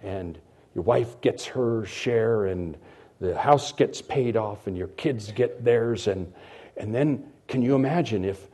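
A middle-aged man preaches to his congregation with a husky, slightly breathy voice. His tone is warm and mellow, and he moves from loud, emphatic declarations to quiet, almost whispered asides. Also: fairly low pitch, slow. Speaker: pastor. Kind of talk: sermon.

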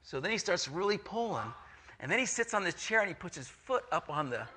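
A middle-aged man preaching a sermon, telling a story with lively acted-out voices. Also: high voice, a little fast, background noise. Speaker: pastor.

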